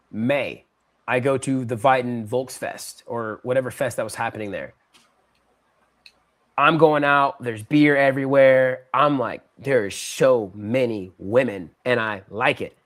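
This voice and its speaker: A man guest on a podcast, telling a story in casual, slangy talk and acting out what people said. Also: medium pitch. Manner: animated, slangy storyteller who acts out quotes.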